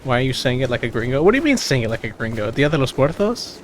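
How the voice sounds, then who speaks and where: An American man streams a game and chats casually, speaking quickly in a medium-pitched, sing-song voice, often restarting sentences, swearing freely and laughing easily. Soft music plays in the background.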